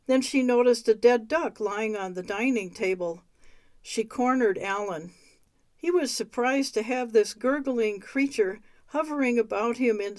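A woman reading a memoir aloud, unhurried and clear. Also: fairly high pitch, a little mellow, no room sound. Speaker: reader of memoirs.

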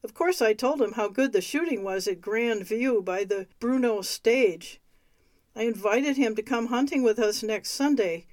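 Woman reading a book out loud, calm storyteller, dry close sound. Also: a little high, measured pace, no room sound. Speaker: reader of memoirs. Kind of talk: reading a memoir aloud.

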